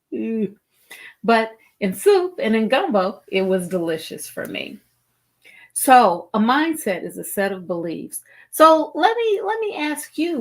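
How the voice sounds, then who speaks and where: A middle-aged woman hosting a live-streamed wellbeing talk show, speaking deliberately and repeating phrases for emphasis to her viewers. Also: a little high. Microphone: streaming setup, video call style.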